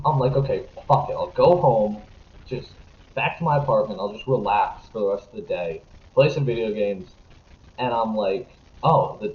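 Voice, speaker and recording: A young man on a sports podcast, ranting and swearing as he swings from low grumbling to loud outbursts. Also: slight background noise. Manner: animated, profane, jumps between grumbling and shouting. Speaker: podcast co-host. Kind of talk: casual sports podcast rant. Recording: roomy, slightly dull podcast audio.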